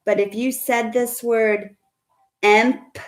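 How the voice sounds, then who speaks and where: A woman's voice: medium pitch, takes it slowly, a bit bright. A woman teaching a phonics lesson to children over a video call, patient and coaxing, asking her students questions. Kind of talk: online phonics lesson for kids.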